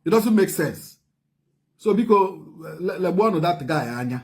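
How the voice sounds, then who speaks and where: A man with an Igbo Nigerian accent giving impassioned commentary, repeating phrases in rapid bursts. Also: sits high, animated.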